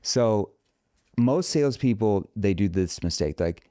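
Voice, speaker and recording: A low-voiced man with a lively, swooping delivery explains sales calls as a podcast guest. His tone is warm and mellow, and the sound is dry and close. He is emphatic and breaks into sample phone calls in a bright, upbeat voice. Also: measured pace, no echo. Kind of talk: podcast interview.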